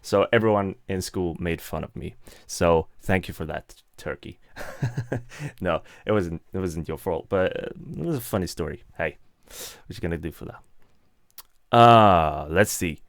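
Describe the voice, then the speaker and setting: A man's voice: deep voice, measured pace, no echo, clean studio sound. A young man, chatting casually and laughing often as he reads out and answers live chat. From Sweden.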